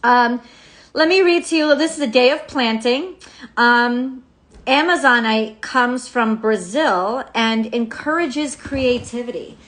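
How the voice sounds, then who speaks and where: A woman's voice: on the high side, takes it slowly, a bit bright. A woman giving a casual daily tarot reading. She rambles, swears freely and laughs often. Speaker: tarot reader. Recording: roomy echo.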